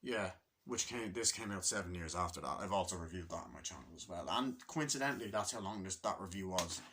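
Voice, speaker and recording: Casting note: bright, ringing male voice for a casual and profane movie-review vlog. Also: sits low, fast talker. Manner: rambling, enthusiastic, frequent swearing and restarts. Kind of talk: casual rambling film review.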